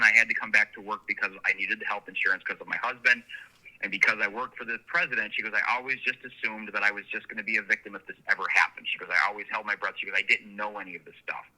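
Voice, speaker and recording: A man talks through one long anecdote after another as an interview guest. His voice is very bright and forceful, and he tells his stories with earnest energy. The sound is thin and phone-like. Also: on the low side. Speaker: sheriff candidate, guest. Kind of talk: casual interview storytelling. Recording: phone line.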